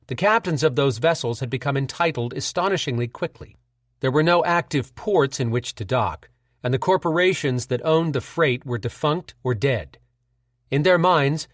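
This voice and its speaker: A man narrating an audiobook in a measured, steady storytelling voice. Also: mid-range voice, no room sound, studio quality.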